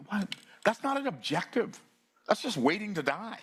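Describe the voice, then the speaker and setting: A man, giving a fiery motivational talk that surges between low, intense stretches and excited outbursts. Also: normal speed, slightly rough. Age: 60s. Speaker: summit speaker.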